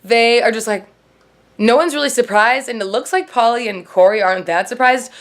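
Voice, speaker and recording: A woman with a fairly high voice hosts a casual TV recap vlog, talking fairly quickly. She rambles, swears freely, and drops "like" into almost every sentence.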